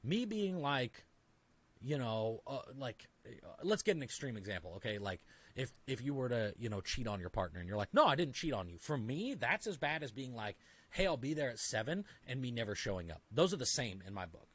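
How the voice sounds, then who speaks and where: A man's voice: medium pitch, very animated, a little fast. A man talking as a podcast guest in casual conversation, emphatic and full of "like"s, often acting out little dialogues in other voices. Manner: filler-heavy, talks with many "like"s.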